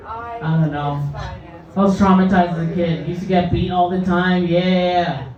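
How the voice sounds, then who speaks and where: A woman's voice: lowish voice, steady tone, unhurried. A woman doing a stand-up comedy set, brash, crude and self-mocking. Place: comedy club stage. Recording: echoey club from far off, dull, crowd.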